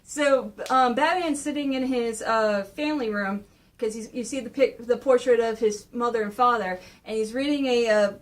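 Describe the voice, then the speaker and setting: A young woman recapping a comic in a casual, gushing, excitable way. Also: fairly high pitch, moderate pace, far from the mic. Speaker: comic reviewer.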